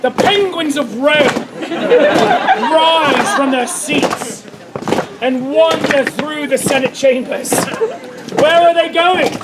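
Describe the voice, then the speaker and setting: A woman narrating a comic story at a live outdoor show, playful and animated, laughing often as she directs volunteers. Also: high voice, slow pace. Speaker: comedic narrator leading audience volunteers. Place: outdoor fair stage. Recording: loud live crowd and noise outdoors.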